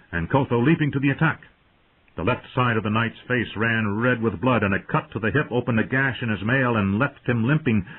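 A man reading a fantasy audiobook in a dramatic, lively narrating style over tinny phone-like audio. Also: mid-range voice, slightly rough.

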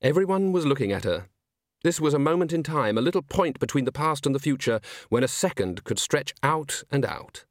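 This is scripted audiobook narration by a man speaking at medium pitch in a measured, expressive way. The sound is studio quality, with no echo.

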